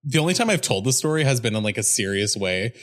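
A man's voice: mid-range voice, sing-song, quick pace, fairly bright tone. A young man co-hosting a casual comedy podcast, telling a story in a playful, self-mocking way and laughing often. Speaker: podcast co-host.

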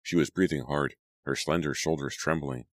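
A man narrating an audiobook in a steady, even storytelling manner. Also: rumbling low, moderate pace, dry recording.

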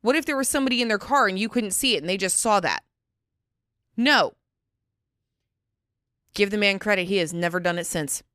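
A woman's voice: medium pitch, brisk, long pauses, a bit bright, dry recording, clean studio sound. A woman co-hosting a podcast, chatty and joking, laughing often as she talks. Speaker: podcast co-host. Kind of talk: casual chat.

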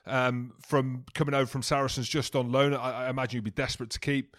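A man's voice: mid-range voice, little pitch movement, fast, fairly bright tone. A man co-hosting a podcast, chatting casually with laughing banter. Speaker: podcast co-host.

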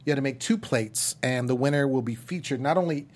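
A man's voice: mid-range voice, fairly quick. Hyped man hosting a panel show. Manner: hyped, animated, playful. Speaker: host. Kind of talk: casual panel chat.

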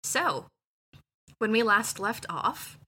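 A woman's voice: on the high side, sing-song, slow pace, bright, forceful tone, breathy edge. A woman running a tabletop horror game as game master, playful and joking.

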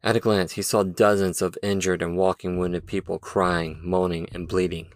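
A man giving a measured, dramatic scripted narration of a story. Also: sits low, level tone, dry recording. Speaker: audiobook narrator.

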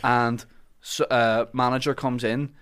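Animated man telling stories. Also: mid-range voice, measured pace, smooth. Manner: animated storyteller, shouts out quoted lines. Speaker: podcast host. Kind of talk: casual chat, comic storytelling.

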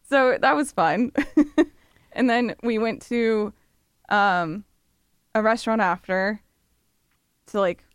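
A woman's voice: on the high side, lively intonation, slow, pauses often, no echo, studio quality. A woman on a radio show telling a story in casual chat, giggling often.

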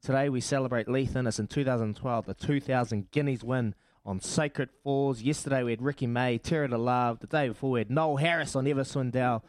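A man's voice: mid-range voice, fairly even intonation, fairly quick, few pauses, no room sound. A man with a New Zealand accent co-hosting breakfast radio in casual, upbeat chat. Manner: chatty, upbeat, friendly. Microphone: studio mic.

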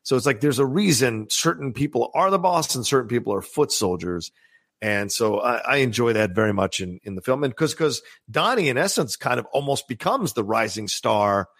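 A man chats on a podcast with a gravelly, husky voice that swings widely in pitch. He is animated and laughs easily, and the sound is dry and close to the mic. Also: moderate pace. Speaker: podcast co-host. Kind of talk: casual film discussion.

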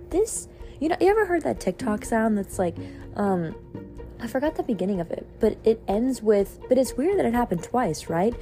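A young woman telling a dating story in casual talk, exasperated and swearing. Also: medium pitch. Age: young adult. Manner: exasperated, swearing, animated retelling. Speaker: podcast host.

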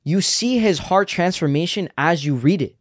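A young adult man co-hosts a casual faith podcast, speaking earnestly and reflectively in a high-pitched, expressive voice. He's quick to affirm what's said.

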